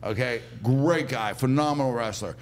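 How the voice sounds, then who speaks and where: A man's voice: medium pitch, moderate pace, slight background noise. A man as a podcast guest, telling rambling stories in casual chat with frequent fillers and chuckles. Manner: rambling, laughing anecdotes with many fillers. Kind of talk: casual storytelling.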